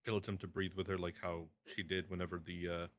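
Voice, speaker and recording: A man's voice: low voice, level tone, fast, a bit bright, a little hiss or hum. A man playing a tabletop game on a live stream, narrating his character and chatting with laughter. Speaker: player.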